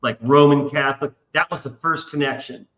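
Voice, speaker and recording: A man hosts a casual live stream, swearing freely as he rambles through a long story. His voice is bright and forward. The room gives it a noticeable echo. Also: medium pitch, steady tone, a little fast. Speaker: stream host. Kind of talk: casual chat.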